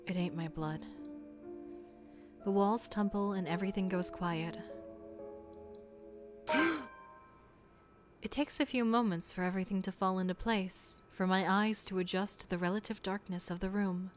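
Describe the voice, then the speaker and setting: A woman reading a video game's first-person narration, as a grown man recalling a childhood tragedy, in a soft and measured way. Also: mid-range voice, steady tone, faint music behind, close to an everyday voice. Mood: somber. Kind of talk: reading game narration aloud.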